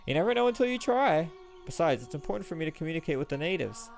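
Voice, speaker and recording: A man's voice: fairly high pitch, sing-song, fast talker, vocal fry, darkish tone, soft background music. A man voicing an earnest young foreign woman who stammers and pleads when flustered. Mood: cheerful.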